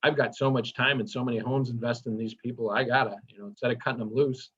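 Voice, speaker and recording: Guy running a training class, talks loose and excited, quizzes the room, muffled audio. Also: medium pitch, fast talker, husky. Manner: enthusiastic and chatty, asks the class questions. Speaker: workshop instructor. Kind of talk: casual training lecture. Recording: dull lo-fi recording.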